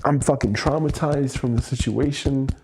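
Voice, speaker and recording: A man's voice: mid-range voice, normal speed, noisy background. A man venting his frustration in an emotional livestream monologue, swearing and repeating himself. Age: adult with a child. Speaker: host.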